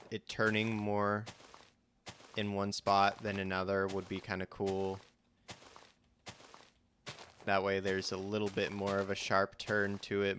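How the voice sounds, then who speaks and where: A man's voice: fairly low pitch, fairly bright tone, slight background noise. A young man casually commenting on his own gameplay during a live stream, thinking aloud and restarting his sentences as he goes. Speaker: let's play host.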